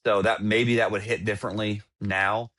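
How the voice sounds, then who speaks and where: Enthusiastic low-voiced man chatting. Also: flat delivery, moderate pace, a bit bright. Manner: enthusiastic, rambling. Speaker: podcast co-host. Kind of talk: casual chat.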